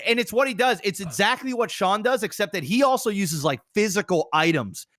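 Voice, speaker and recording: Man, podcast co-host, animated casual chat, swears a lot, slightly high voice, dry close sound. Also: a little fast, few pauses, dry recording. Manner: animated, swears often, many restarts.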